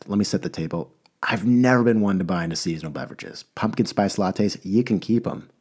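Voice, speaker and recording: Low deep-voiced guy doing a podcast rant, emphatic, keeps restarting, lots of "right?". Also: a little mellow, slightly rough. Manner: emphatic, rambling with restarts and rhetorical asks. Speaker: podcast host. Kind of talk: casual monologue.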